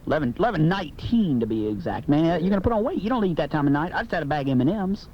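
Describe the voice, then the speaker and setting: A late-night radio host, a man with a fairly high voice who talks in brash, joking and opinionated bursts. He runs the call-in show with a loose, teasing manner. The sound is a dull, lo-fi AM broadcast tape with a faint hiss underneath. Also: lively intonation, rapid-fire.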